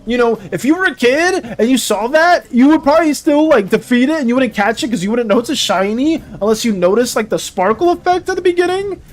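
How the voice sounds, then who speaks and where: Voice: high voice, lively intonation, brisk, hardly any pauses. A streamer chatting casually on a live stream, rambling and giggly while reacting to chat.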